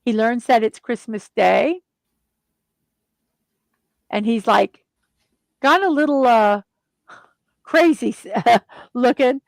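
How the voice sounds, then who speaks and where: A woman's voice: on the high side, slow, vocal fry, long pauses, no room sound. A middle-aged woman hosting a casual chat, animatedly retelling the plot of a film. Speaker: host.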